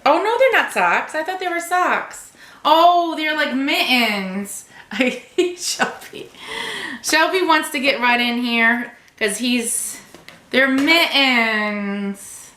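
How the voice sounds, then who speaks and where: A woman's voice: high voice, animated, takes it slowly, pushed and bright, echoey room. A woman vlogger unboxing a subscription box at home, gushing over each item and cooing to her cat. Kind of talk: casual unboxing chat.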